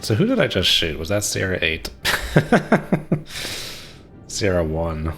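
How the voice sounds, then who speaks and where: A man's voice: low-pitched, wildly swooping pitch, takes it slowly, fairly bright tone, faint music behind. A man giving casual, chatty commentary while playing a naval warfare game, laughing and talking to himself. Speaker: streamer.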